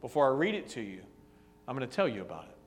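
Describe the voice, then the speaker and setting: A man preaching a sermon, telling a story dramatically, dropping to a hush and rising to a booming voice, with repeated rhetorical questions. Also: big pitch swings, fast talker. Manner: dramatic, swinging from hushed to booming. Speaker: pastor. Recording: long hall reverb.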